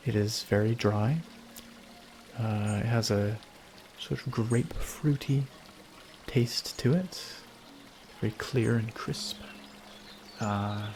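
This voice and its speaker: Chatty gravelly-voiced male streamer. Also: medium pitch, background noise. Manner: chatty, laughs easily, rambling. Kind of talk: casual gameplay commentary.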